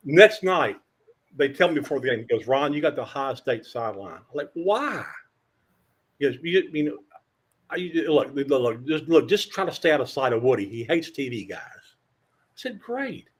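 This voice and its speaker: An older man telling lively sports anecdotes as a podcast guest, acting out quotes and stammering through restarts. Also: medium pitch, breathy edge. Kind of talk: storytelling in a podcast interview.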